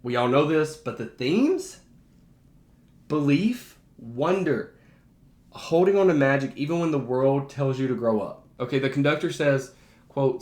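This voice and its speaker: A man's voice: a little high, animated, measured pace, darkish tone. Enthusiastic male teacher in an echoey room. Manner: enthusiastic, emphatic, conversational. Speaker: teacher and behavior analyst. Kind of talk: casual movie ranking to camera. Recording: roomy echo.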